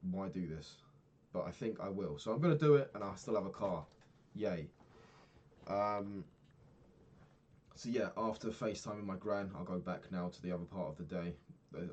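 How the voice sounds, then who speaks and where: Young man from the UK, casual diary vlog, very low voice, rambling, swearing. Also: darkish tone. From United Kingdom. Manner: rambling, swears often, loses his thread. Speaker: vlogger.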